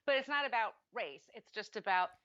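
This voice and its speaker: A woman's voice: fairly high pitch, lively intonation, a little fast, bright, forceful tone, no room sound. Chatty woman co-host, lo-fi sound. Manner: chatty, rambling, frequent self-corrections. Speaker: podcast co-host. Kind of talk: casual movie chat.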